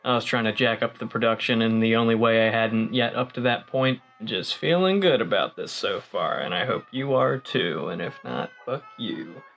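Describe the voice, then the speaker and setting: A man's voice: medium pitch, lively intonation, moderate pace, creaky, few pauses, a bit bright, faint music behind, poor audio. A young man vlogging in a tipsy, rambling way, joking and swearing freely while he chats to his viewers. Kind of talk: casual rambling vlog.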